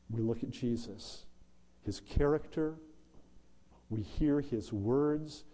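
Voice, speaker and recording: Slow, mellow-voiced preacher in a reverberant hall. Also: male voice, mid-range voice. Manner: slow, deliberate preaching with emphatic pauses. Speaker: pastor. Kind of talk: sermon.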